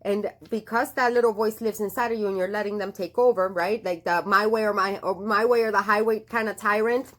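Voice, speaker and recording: A woman's voice: mid-range voice, steady tone, fairly quick, few pauses, fairly bright tone. Chatty woman tarot reader. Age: adult with a daughter. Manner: chatty, affectionate, many fillers and restarts. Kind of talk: casual tarot reading vlog.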